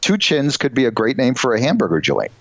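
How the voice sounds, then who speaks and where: Brief: male podcast co-host, animated delivery, filler-heavy banter, dull dry recording. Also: mid-range voice, dry recording. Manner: reads news items, quick puns, many fillers. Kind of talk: casual comedic chat.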